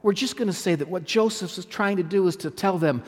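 A male pastor preaches a sermon emphatically, repeating phrases and asking his listeners questions. His voice is high-pitched and a little fast, with long hall reverb on the recording.

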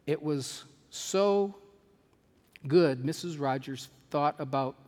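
A man preaching a sermon, reading a children's story aloud and drawing lessons from it in a measured, reflective, earnest way, in a church sanctuary. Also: a little high, darkish tone. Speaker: pastor. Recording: long hall reverb.

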